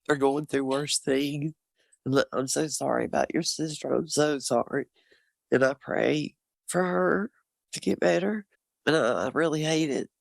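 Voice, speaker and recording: A woman in a recovery group, speaking slowly and hesitantly, worried and tired, sharing with emotion over a video call. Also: low voice, creaky, no echo. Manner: slow, tearful and hesitant.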